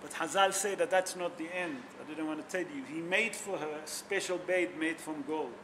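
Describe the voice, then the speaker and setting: Man, rabbi preaching, high voice, non-native english, emotional storytelling, faint background hiss. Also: moderate pace. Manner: emotional storytelling, asks the audience questions. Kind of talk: sermon.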